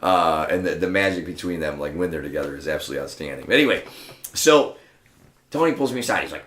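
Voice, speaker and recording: Middle-aged male storyteller, low voice, animated and profane, echoey room. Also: fast, slight background noise. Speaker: guest storyteller. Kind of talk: casual storytelling chat. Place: room with a small live audience.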